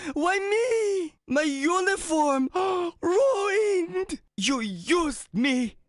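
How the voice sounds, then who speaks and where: Whiny pig soldier from a video game, high voice, swings all over. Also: female voice, dry recording, studio quality, full character voice. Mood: wounded. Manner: theatrical, self-pitying outbursts. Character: bumbling German pig soldier, melodramatic.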